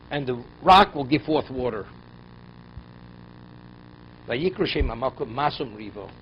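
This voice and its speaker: A man teaching a Torah class as a rabbi, who reads verses and explains them in English with pointed rhetorical questions. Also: mid-range voice. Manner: voice rises and drops sharply for emphasis. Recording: dull lo-fi recording, faint noise.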